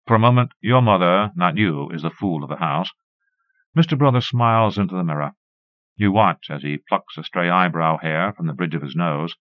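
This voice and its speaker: A man reading a short story aloud as an audiobook narrator, in a measured, even way. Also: low-pitched, dry recording. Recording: dull lo-fi cassette recording.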